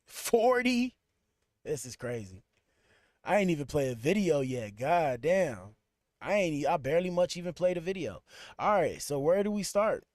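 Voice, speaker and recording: On a computer streaming setup, a male podcast host chats loosely with his livestream audience while fixing his stream. His mid-range voice has a darkish tone, and the studio-quality audio carries no echo.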